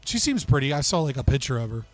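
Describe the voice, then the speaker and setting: He's a streamer who answers chat with casual, foul-mouthed bluntness and plenty of laughter. His medium-pitched delivery is fast and very animated, with faint music in the background.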